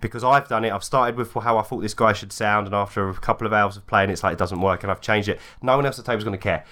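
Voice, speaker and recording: A man's voice: on the low side, fairly even intonation, fast, pushed and bright. A man co-hosting a podcast, chatting casually and laughing often. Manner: laughing, easygoing. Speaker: podcast co-host. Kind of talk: casual chat.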